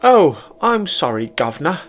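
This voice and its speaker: A woman's voice: deep voice, lively intonation, normal speed, pitched above the performer's own voice. A man doing a teasing young American woman. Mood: mocking.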